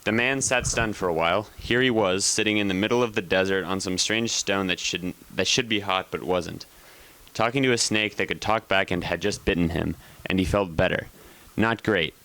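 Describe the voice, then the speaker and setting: Low-voiced man reading a story aloud. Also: moderate pace, low-quality recording. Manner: relaxed, with occasional slips and self-corrections. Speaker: storyteller and show host.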